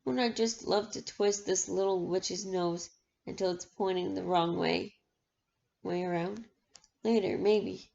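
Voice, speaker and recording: A huge, brutish henchman from a storybook, growling and crude, as a woman reader puts him on. The voice has a gravelly rasp, and the recording is dull and lo-fi. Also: mid-range voice, fairly even intonation, a little slow, darkish tone.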